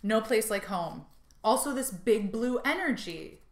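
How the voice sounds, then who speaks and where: A woman's voice: on the high side, expressive, measured pace, a little hiss or hum. Bubbly woman reading cards in a roomy space. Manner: bubbly, gushing, laughs often, many fillers. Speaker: tarot and intuitive card reader. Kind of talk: channelled card reading to viewers. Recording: roomy echo.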